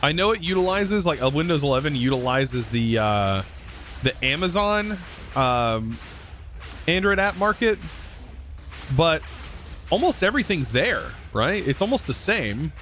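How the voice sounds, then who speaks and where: A young man live streaming, chatting casually with viewers in a relaxed, rambling way full of fillers and restarts. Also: a little high, measured pace, a little hiss or hum. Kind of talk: casual chat reading viewer comments.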